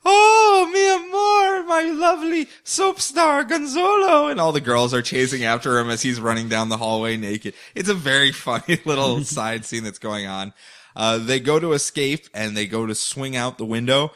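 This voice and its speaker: Male podcast host, mid-pitch, animated comic recap storyteller. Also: normal speed, hardly any pauses. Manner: animated, jokey storytelling with frequent laughs.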